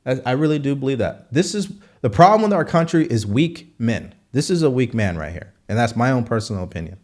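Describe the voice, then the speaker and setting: A man's voice: mid-range voice, very animated, brisk, darkish tone. Male host, live political commentary, punchy rhetorical delivery, mid-range voice. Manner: rhetorical, repeats questions for emphasis.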